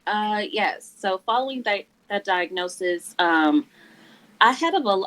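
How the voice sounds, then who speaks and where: A woman in her forties telling her own story as a guest, earnest and halting, her voice catching with emotion. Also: on the low side, sing-song, a bit bright, poor audio. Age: 40s. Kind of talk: candid personal story in a church interview.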